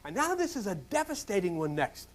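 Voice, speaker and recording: Older guy preaching, voice jumps all over, goes loud then drops to a whisper, big drama. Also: high voice, very animated, brisk. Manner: dramatic, swings from loud exclamations to hushed whispers. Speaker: pastor. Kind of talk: sermon.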